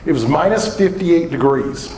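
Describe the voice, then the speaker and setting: Energetic joking man in an echoey hall. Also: on the high side, normal speed, slight background noise. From southwestern Colorado. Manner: energetic joking storyteller, quizzes the audience. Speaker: keynote economic speaker. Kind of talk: humorous conference keynote. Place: large conference hall.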